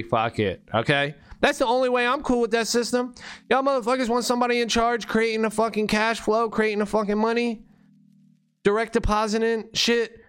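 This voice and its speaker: Profane slangy male ranter, high voice, faint music behind. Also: a bit bright, clean tone. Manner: profane, slangy, rambling and emphatic. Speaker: vlogger on money and bitcoin. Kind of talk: unscripted monologue rant.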